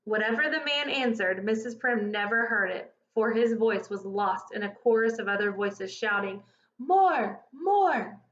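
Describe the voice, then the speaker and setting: A woman reading a children's picture book aloud in an expressive, lively storytelling manner. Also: mid-range voice, normal speed, hardly any pauses. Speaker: storybook reader. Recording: echoey lo-fi room recording.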